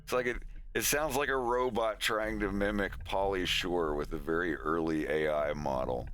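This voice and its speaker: A man's voice: sits low, steady tone, moderate pace, fairly bright tone, faint music behind. A man chatting casually on his live stream, rambling and joking as he mimics voices.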